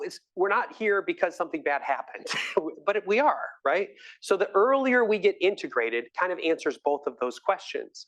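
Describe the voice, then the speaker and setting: A middle-aged man, a physician, answering audience questions at a live lecture with enthusiastic, storytelling energy. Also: fairly high pitch. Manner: enthusiastic, warm storytelling with laughs. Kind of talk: live grand rounds Q&A.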